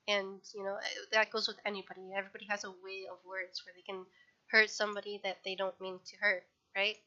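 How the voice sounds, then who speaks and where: A woman talks casually on a livestream, her voice bright and fairly flat in pitch. She rambles, restarts sentences and corrects herself. The sound is dull, like low-fidelity stream audio.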